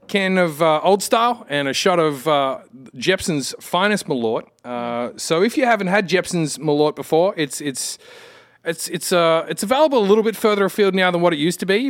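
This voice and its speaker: A man's voice: fairly high pitch, no room sound. Australian man, dry close sound. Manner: rambling storyteller, self-mocking jokes. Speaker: podcast guest. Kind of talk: casual chat.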